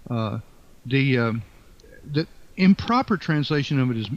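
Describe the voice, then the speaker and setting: An older man being interviewed as an author, speaking in a halting, thoughtful way with many fillers and restarts. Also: medium pitch, lively intonation. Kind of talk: reflective interview talk. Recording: dull lo-fi sound.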